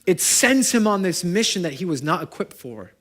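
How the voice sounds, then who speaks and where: A young adult man preaching a sermon to his congregation in a conversational way, asking them questions and moving between loud and hushed. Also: high voice, sing-song, moderate pace. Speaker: pastor. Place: church service before a congregation.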